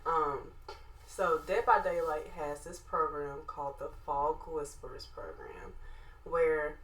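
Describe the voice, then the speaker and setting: A low-voiced woman with a Southern drawl from Alabama, chatting as a podcast co-host. Her tone is bright and forceful, sassy and animated, and she laughs often. The room around her is echoey. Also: takes it slowly. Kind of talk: casual chat.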